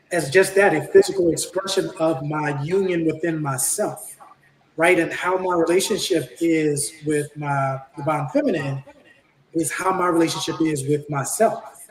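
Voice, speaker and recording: A man speaking as a spiritual coach on a video call panel, earnest and often checking in with "right?". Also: a little high. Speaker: ascension coach. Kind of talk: panel conversation. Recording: roomy, distant mic.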